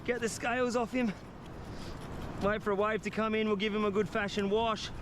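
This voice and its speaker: A man's voice: sits high, fairly even intonation, moderate pace, noisy background. A man with an Australian accent narrating an outdoor survival vlog, upbeat and explaining each step as he works. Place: outdoors on a coastal cliff.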